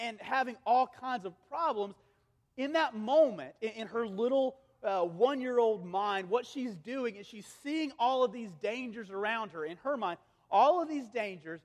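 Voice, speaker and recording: A strikingly high-pitched male pastor in his thirties delivers a sermon, rising to urgent emphasis and then dropping to soft, tender hushes. His voice rings out with a long reverb, as if filling a large hall. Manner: swings from raised, urgent preaching to hushed, gentle tones.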